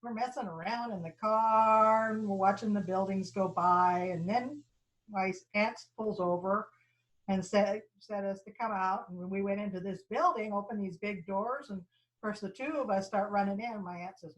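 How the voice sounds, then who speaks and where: Woman lecturer, mid-pitched, animated storyteller who stumbles and restarts, acts out quoted people. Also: low-quality recording. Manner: halting restarts and repeated phrases. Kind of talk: personal story told in a lecture.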